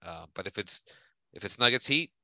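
Sharp-voiced man ranting bluntly. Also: lowish voice, animated, moderate pace, dry recording, low-quality recording. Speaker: podcast co-host. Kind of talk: casual chat.

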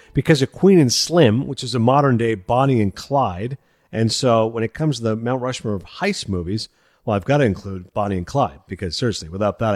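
Male podcast host, quick and eager, dry close mic. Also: fairly low pitch, dry recording. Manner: enthusiastic, laughs while talking. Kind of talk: film podcast chat.

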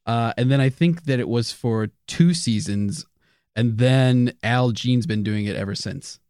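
A man in casual podcast chat who speaks in a measured way and corrects the others on facts. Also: mid-range voice, a little mellow, smooth, dry recording, clean studio sound. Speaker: podcast panelist.

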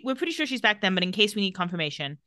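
A woman with a bright, crisp voice chats casually as a podcast co-host. She retells scenes and slips into quoted lines. The sound is dry and close. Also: mid-range voice, very fast, no echo. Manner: retells scenes, quoting lines in lively bursts. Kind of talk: casual recap chat.

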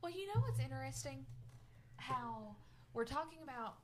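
A woman's voice: high voice, animated, normal speed, fairly bright tone, slight background noise. A woman co-hosting a casual faith talk, speaking earnestly and encouragingly to listeners. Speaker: podcast co-host.

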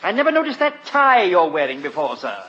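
An actor playing a fussy English butler with dry, sly wit, in 1940s radio comedy style. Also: male voice, high-pitched, huge pitch swings, a little fast, a bit bright, exaggerated voice. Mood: dryly amused. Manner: formal, polite, sly teasing. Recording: muffled old radio broadcast.

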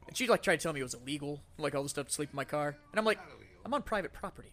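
Fast, bright-voiced storytelling man. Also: fairly high pitch. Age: adult, married. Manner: animated storytelling, swearing freely. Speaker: podcast co-host. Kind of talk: casual chat.

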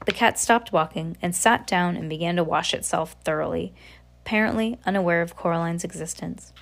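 A woman reading a novel aloud in a steady voice, now and then slipping and correcting herself. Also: lowish voice, brisk, vocal fry. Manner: steady reading with occasional slips and self-corrections. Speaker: audiobook reader.

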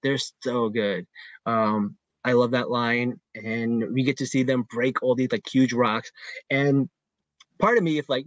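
A man's voice: mid-range voice, fairly even intonation, unhurried, no room sound, highs cut off. A man co-hosting a podcast in casual chat, enthusiastic and slangy, full of "like" and "you know". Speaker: podcast co-host.

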